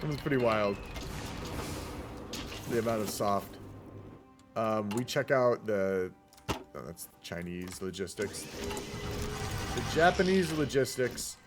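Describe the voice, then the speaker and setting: A man's voice: lowish voice, expressive, takes it slowly, long pauses, over music. Chatty man casting a strategy game. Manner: chatty, rambling, says "y'all". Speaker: game caster. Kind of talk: casual multiplayer game commentary.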